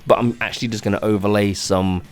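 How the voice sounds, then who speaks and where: A tired man rants off the cuff in a lowish voice, circling back on himself with stammered restarts and frequent swearing. His talk wanders like an unplanned gaming vlog, with faint music in the background. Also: fairly even intonation. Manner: rambling and halting, many restarts, swearing. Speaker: gaming channel host. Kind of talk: unscripted rant vlog.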